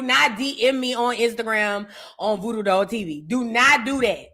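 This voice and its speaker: Woman, casual commentary host, bright voice, slightly high pitch, playful, dramatic. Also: moderate pace. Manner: animated, playful, dramatic, breaks into singing. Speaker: host of a reaction show.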